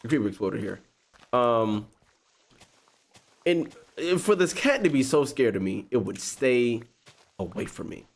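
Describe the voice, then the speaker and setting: A man hosting a gaming video, telling a story in a slangy, expressive way and often breaking into laughter. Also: mid-range voice, a little slow, vocal fry, pauses often. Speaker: gaming YouTuber host. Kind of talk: animated storytime while playing a game.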